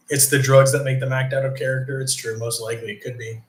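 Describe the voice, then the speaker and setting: A man's voice: mid-range voice, fairly even intonation, fast talker, hardly any pauses. A man casually chatting on a live stream, reading chat aloud, with profane, rambling talk. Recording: roomy echo.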